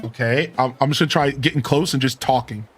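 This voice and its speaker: A man's voice: mid-range voice, a little fast, faint music behind. A man streaming a video game in casual chat, rambling and repeating a single word as he tests something. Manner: chatty, trails off, repeats a word over and over.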